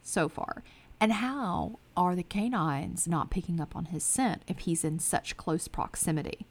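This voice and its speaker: A woman's voice: lowish voice, expressive, measured pace. A woman co-hosting a casual true-crime podcast chat, telling the case in a sarcastic, storytelling way and swearing casually. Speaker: podcast co-host.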